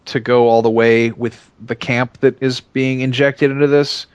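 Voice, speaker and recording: A man's voice: mid-range voice, flat delivery, measured pace, clean tone, dry recording, highs cut off. Podcast guy, mid voice, stumbling thru his takes, dead dry mic. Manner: hesitant, opinionated, full of ums and restarts. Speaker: podcast co-host. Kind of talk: casual chat.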